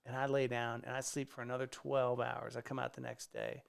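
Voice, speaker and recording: A man, a stand-up comedian, telling a casual story on a podcast, animated and swearing freely as he acts out the people in it. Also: mid-range voice, brisk, creaky, clean tone. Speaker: guest comedian. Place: podcast studio.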